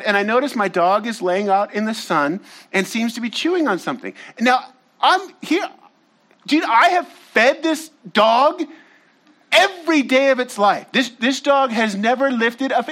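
Male pastor, sermon delivery: high-pitched, lively, conversational storyteller who breaks off to address the crowd directly. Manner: animated, casual storytelling with slangy asides to the audience.

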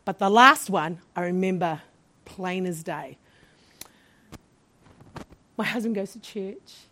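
A woman pastor telling her own story in a sermon, animated, with laughing asides. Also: on the low side, takes it slowly. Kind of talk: sermon testimony.

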